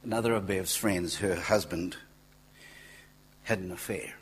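A man preaching a sermon, telling stories in a conversational way, dropping to near-whispers and then rising to loud exclaiming, with asides to the congregation. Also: low voice, unhurried, breathy edge, rough recording. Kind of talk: sermon with storytelling.

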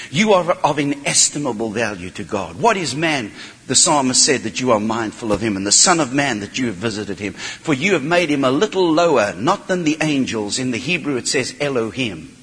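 A man preaching a sermon, impassioned, swinging from quiet, low passages to loud, high shouting. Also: lively intonation, moderate pace. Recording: long hall reverb.

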